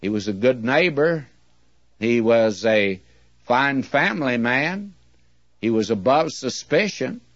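Male preacher, American, unhurried and earnest; dry, dull old recording. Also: medium pitch, expressive, dry recording. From United States. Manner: measured, earnest preaching with slow emphatic readings. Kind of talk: sermon.

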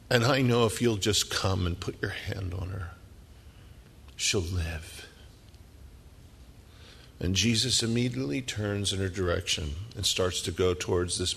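Gravelly preacher in a reverberant hall. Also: male voice, low-pitched. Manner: dramatic storytelling, swinging from loud emphasis to hushed whispers. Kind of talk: sermon.

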